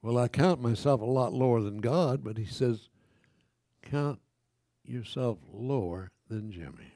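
A man's voice: mid-range voice, a little slow, warm tone, dry recording, studio quality. An older man preaching a sermon, reading scripture aloud and turning to the congregation with conversational asides, with frequent self-corrections.

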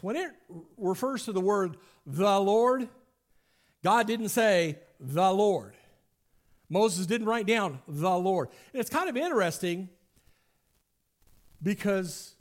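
High-voiced man teaching scripture. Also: expressive, takes it slowly, long pauses. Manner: conversational, explaining step by step with restarts. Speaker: Bible teacher. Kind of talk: Bible study teaching.

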